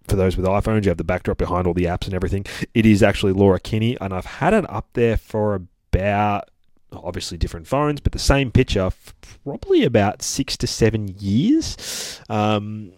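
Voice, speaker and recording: A man with a lowish voice rambles through a casual comic book review, swearing freely and gushing with excitement. His delivery is loose and full of fillers, and the sound is close and dry with no room around it. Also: no echo. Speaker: comic book podcast host.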